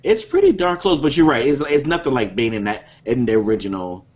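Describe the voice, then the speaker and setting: A man in a casual after-show podcast chat, lively and quick with a quip. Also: medium pitch. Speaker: podcast co-host. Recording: husky voice on dull lo-fi line.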